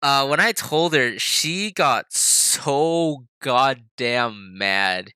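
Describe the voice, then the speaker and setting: A young podcast co-host tells a story casually, looping through fillers and swearing as he goes. His voice is bright and smooth, and it sounds close and dry. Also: medium pitch, expressive, extremely slow, dry recording. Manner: rambling, filler-heavy, profane.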